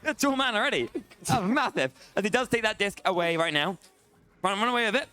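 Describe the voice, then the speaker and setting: A man's voice: high-pitched, lively intonation, fast, sharp tone, clean tone, soft background music. A young man commentating a live esports match play-by-play, exclaiming at big plays.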